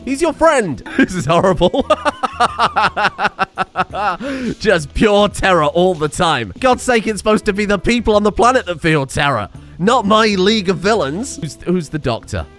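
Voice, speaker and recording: A man giving excitable, sarcastic commentary over a game, scolding the characters as he plays. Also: sits high, moderate pace, few pauses, soft background music. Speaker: streamer.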